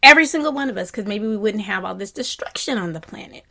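A woman meditation teacher giving a dharma talk in a gentle, reflective way. She often drops to a soft whisper and has animated bursts of delight. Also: medium pitch, fast, vocal fry.

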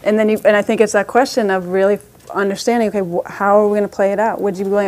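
A woman's voice: mid-range voice, little pitch movement, very fast, few pauses, a little mellow. A woman teaching a parenting class as a meditation teacher, talking conversationally with frequent restarts and light laughs.

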